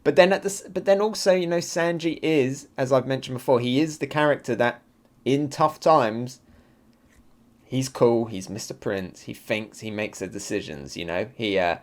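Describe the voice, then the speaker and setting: A man hosting a live comic reaction and review, excitable and thinking aloud with fillers. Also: mid-range voice, normal speed. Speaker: manga reaction channel host.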